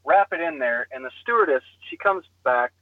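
A young man on a podcast telling a comic story in an animated way, acting out the voices. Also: fairly high pitch, brisk, dry recording, narrow, tinny audio.

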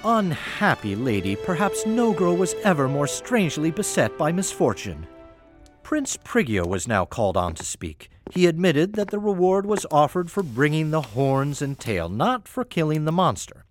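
A man's voice: on the high side, big pitch swings, normal speed. A man narrating a fairy tale in a wry, playful storytelling manner over faint music.

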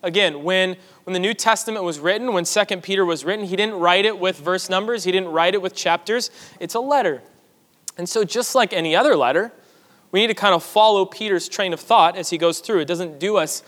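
A man's voice: high-pitched, a little fast, fairly bright tone. A man preaching a sermon to his church, teaching in a conversational way with asides to the congregation. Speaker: pastor. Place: church sanctuary. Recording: long hall reverb.

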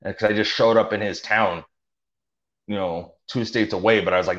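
A man's voice: fairly low pitch, fairly even intonation, normal speed, a bit bright. A young man telling his story in a casual, rambling way, full of fillers and restarts. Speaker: interview guest. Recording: dull lo-fi audio.

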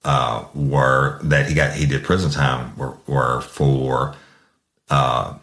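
A man's voice: a bass voice, little pitch movement, takes it slowly, a bit bright, roomy sound. A man telling a true-crime story in casual, profane, folksy talk, often calling his listeners y'all. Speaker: podcast host telling a case story.

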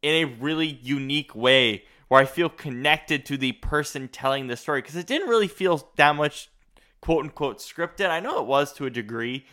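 Emphatic young man, bright and smooth. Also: fairly high pitch, animated, normal speed. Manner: emphatic, opinionated. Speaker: podcast co-host. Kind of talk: casual chat.

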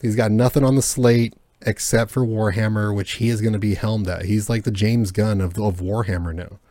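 A man with a lowish voice chats casually on a podcast, rambling through fillers and restarts and swearing freely. The sound is dry and close, with no room around him. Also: steady tone, normal speed, mellow, dry recording. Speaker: podcast co-host. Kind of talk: casual chat.

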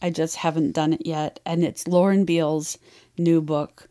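A woman's voice: low-pitched, little pitch movement, moderate pace, warm tone. A woman co-hosting a podcast, chatting candidly about romance novels, laughing often and using plenty of fillers. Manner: giggly, candid, lots of fillers. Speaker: podcast co-host. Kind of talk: casual chat about romance books.

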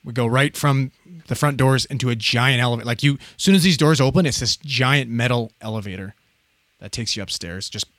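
Profane, animated paramedic telling a story. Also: male voice, medium pitch, brisk, no room sound. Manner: profane, animated, acts out quoted voices. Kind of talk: casual storytelling.

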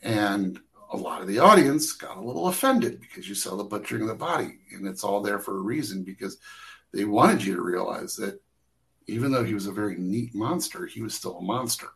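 A man's voice: on the low side, animated, fairly quick, creaky, fairly bright tone, rough recording. A man who works as a camera operator, telling behind-the-scenes stories in a casual interview, rambling with many restarts and fillers.

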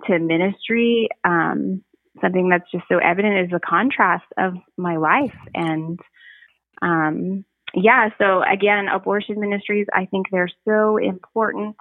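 A woman giving a personal testimony as a podcast guest, speaking earnestly and reflectively, with frequent pauses and restarts. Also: mid-range voice, no room sound. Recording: tinny phone line, dry.

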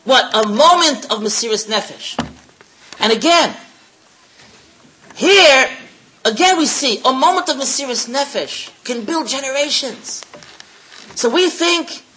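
A woman delivers a religious lecture as an animated storyteller. She is emphatic and often repeats phrases. Her voice sits fairly high, with a bright, sharp tone and a faint hiss behind it. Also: low-quality recording.

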